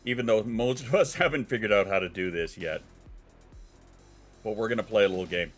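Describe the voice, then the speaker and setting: A man's voice: lowish voice, fairly quick, faint music behind. A man hosting a casual livestream, rambling and joking with plenty of profanity. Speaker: livestream host.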